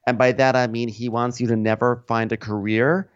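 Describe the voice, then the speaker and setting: A man's voice: medium pitch, level tone, normal speed, clear, resonant tone, no echo, lo-fi sound, close to an everyday voice. A man doing a comic impression of a smug, patronizing middle-aged woman.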